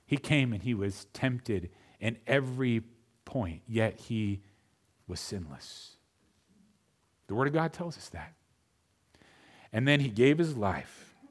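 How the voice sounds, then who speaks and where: A pastor preaching a sermon, speaking straight to his congregation and swinging between quiet, intimate lines and loud, emphatic ones. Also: mid-range voice, animated, slow pace, long pauses. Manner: addresses the congregation directly.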